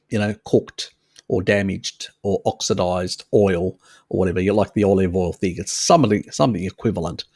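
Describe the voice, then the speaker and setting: A man hosts a casual live stream, answering viewers and laughing freely at their comments. His voice is low and gravelly, and his delivery is unhurried. The recording is dry and close. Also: darkish tone, no echo. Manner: chatty, laughs often, swears, reads chat aloud.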